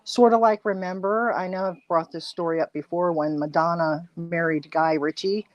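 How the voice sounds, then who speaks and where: A woman's voice: fairly low pitch, steady tone, moderate pace, dry recording, highs cut off. A woman with an American accent, a panel guest on a call, chatting and asking lots of curious questions. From United States. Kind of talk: casual chat. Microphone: online call.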